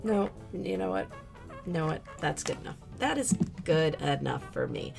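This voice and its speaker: Young woman, casual self-talk, self-deprecating, swearing, gravelly, lively pitch. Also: moderate pace, over music. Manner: self-deprecating, swears freely, talks to herself. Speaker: voice actor testing a mic. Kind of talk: casual chat.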